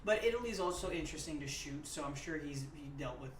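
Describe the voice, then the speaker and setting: A man's voice: fairly high pitch, lively intonation, fast, crowd noise. A man, an actor, chatting casually and animatedly about his past work, repeating words for emphasis. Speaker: actor guest. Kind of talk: casual chat reacting to his own clips. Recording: roomy, off-mic sound.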